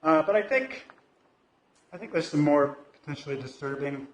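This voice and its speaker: A man's voice: on the high side, moderate pace, slight background noise. A man giving an informal talk from the pulpit of a church, musing aloud with many fillers and restarts. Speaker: lay speaker at a church service. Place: church sanctuary. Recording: echoey church hall.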